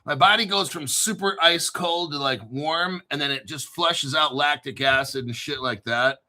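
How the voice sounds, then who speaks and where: A middle-aged man with a New Jersey accent, hosting a casual crypto talk show in an excitable, profane, rambling way. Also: on the high side, normal speed. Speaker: crypto channel host. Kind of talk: casual livestream chat.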